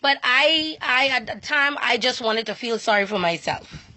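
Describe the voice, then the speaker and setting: Speaking on faith with lively intonation, a woman whose voice is fairly high, pushed, and bright shares an earnest personal talk as an inspirational speaker, often repeating herself and stopping to restart phrases.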